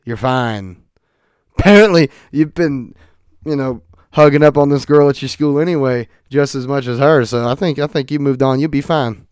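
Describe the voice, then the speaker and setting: A young man talks through his stories in a casual podcast monologue. He is animated and jumps from loud outbursts to quiet asides. His voice is smooth and the recording is dry. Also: mid-range voice, moderate pace, no echo. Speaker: podcast host.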